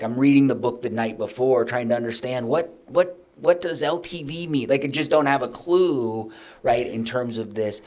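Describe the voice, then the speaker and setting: A middle-aged man telling candid business stories as a podcast guest, acting out his own past conversations with lively emphasis. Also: medium pitch. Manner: animated, acts out his own past dialogue.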